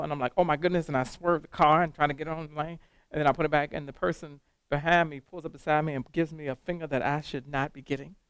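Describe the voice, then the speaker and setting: A man leading a teacher training workshop, lively and animated, quizzing the room with questions as he goes. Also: on the high side, smooth, dry recording. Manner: animated, talks to the room with call-and-response questions. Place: classroom.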